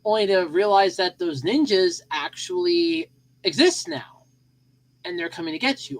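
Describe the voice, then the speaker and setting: A woman's voice: medium pitch, very animated, moderate pace, poor audio. A woman hosting a solo podcast in a casual, rambling way, full of fillers and repeated phrases, and sleepy. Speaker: podcast host.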